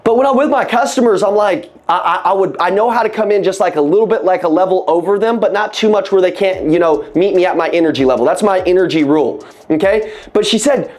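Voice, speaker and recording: A man giving an energetic sales training talk on a video call. He speaks in a casual, emphatic way, repeats key phrases and calls the audience "guys". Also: sits high, fast, few pauses.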